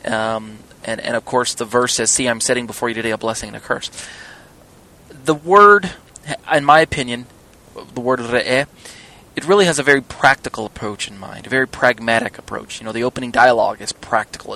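A man giving a recorded Torah teaching, who often pauses with fillers and restarts and spells words out letter by letter. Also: mid-range voice, pushed and bright.

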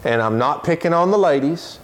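A man teaching a Sunday school Bible lesson in an earnest way, slowing down when he stresses a point and reading scripture aloud in quick bursts. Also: fairly high pitch, animated, a little hiss or hum.

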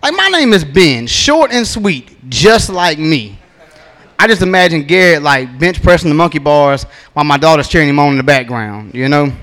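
A man's voice: a little high, animated, moderate pace, fairly bright tone. A man, doing a stand-up comedy set in a laid-back, drawling storytelling manner with punchy asides, on a handheld stage mic.

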